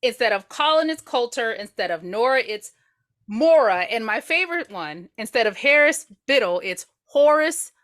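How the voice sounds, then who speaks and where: A woman's voice: a little high, animated, moderate pace, a bit bright. A woman co-hosting a podcast, bantering playfully while recapping a TV episode. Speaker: podcast co-host. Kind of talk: casual chat recapping a TV episode.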